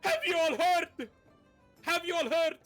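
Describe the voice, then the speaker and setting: A man's voice: very high voice, little pitch movement, a little slow, fairly bright tone, soft background music, pitched above the performer's own voice. A man voicing a frantic townsman who bursts into a tavern screaming news.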